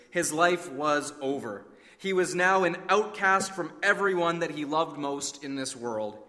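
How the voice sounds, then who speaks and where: Man, pastor, storytelling sermon, bright tone, slightly high voice, long hall reverb. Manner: dramatic, drops to a hush, then cries out. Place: church sanctuary.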